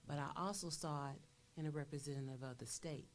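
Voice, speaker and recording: A woman administrator with a low voice answers a school board. She sounds confident and determined. She builds her points in steady, affirming repetitions. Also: fairly quick. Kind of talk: response at a board meeting.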